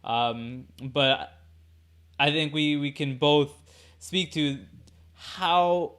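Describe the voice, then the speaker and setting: A man hosting a podcast, talking thoughtfully in a halting casual way, often repeating words as he gathers his thoughts. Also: fairly high pitch, steady tone, fairly bright tone, smooth. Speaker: podcast host. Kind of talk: casual conversation.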